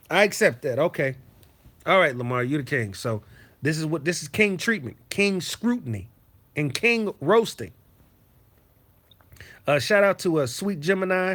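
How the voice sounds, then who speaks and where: A male streamer talks from his home basement in a slightly high voice. His talk is blunt, profane and full of repetition, in a loose, ranting livestream manner. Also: fairly bright tone. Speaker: streamer host. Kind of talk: casual livestream rant.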